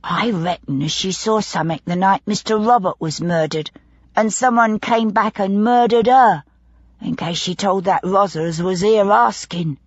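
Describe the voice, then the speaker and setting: A woman's voice: medium pitch, a little slow, dry recording, muffled recording, close to an everyday voice. A woman voicing an eager, gossipy young housemaid who talks in broad working-class dialect. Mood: confiding.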